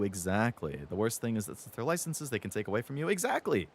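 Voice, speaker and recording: A young man in his twenties rants on his game stream, heated and profane, and mocks companies in sarcastic voices. His pitch swoops and jumps all over as he gets worked up. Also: sing-song, fast talker, a little hiss or hum. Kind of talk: ranting live-stream chat.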